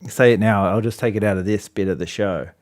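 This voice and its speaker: A man's voice: on the low side, fairly quick, no echo, clean studio sound. A man co-hosting a casual podcast chat, rambling with lots of fillers and frequent laughs. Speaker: podcast co-host.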